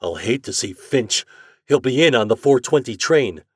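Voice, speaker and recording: A man voicing an enraged middle-aged market man who shouts and blusters. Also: medium pitch, lively intonation, normal speed, husky, no echo, clean studio sound, voice pushed up. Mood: exasperated. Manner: loud and blustering.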